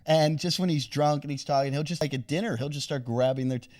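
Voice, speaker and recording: A man's voice: on the high side, fast talker, darkish tone, dry recording. A man co-hosting a podcast, chiming in with teasing remarks and retelling a story in casual chat. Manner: teasing interjections and laughter. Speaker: podcast co-host.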